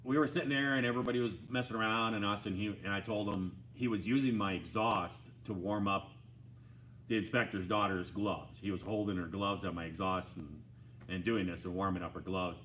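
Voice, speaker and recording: A man casually retelling a side-by-side rollover story in a rambling, animated way, full of restarts. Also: on the low side, slight background noise. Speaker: homestead vlogger.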